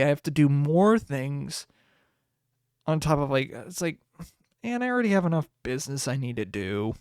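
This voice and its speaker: A man hosting a casual solo podcast, rambling, swearing and laughing often, with sudden jumps in pitch. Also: vocal fry, no echo, studio quality. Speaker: podcast host.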